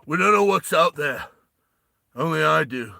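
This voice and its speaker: A man's voice: a little high, expressive, a little slow, gravelly, bright, forceful tone, dry recording, studio quality, full character voice. A man voicing a tough, commanding male action-hero leader, barking urgent orders in a raised voice.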